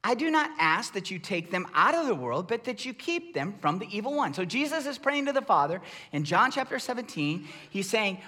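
Man, pastor, middle-aged, sermon, very high voice, lively pitch, conversational with emphatic bursts. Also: a little fast, hardly any pauses. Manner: animated, conversational preaching with emphatic raised bursts.

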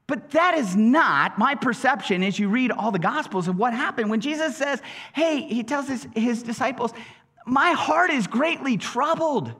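Man, pastor, sermon, high bright voice, very animated pitch, conversational, repeats words. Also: moderate pace, hardly any pauses, breathy edge. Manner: animated, acts out quoted prayers in changing voices; conversational, with frequent word repeats.

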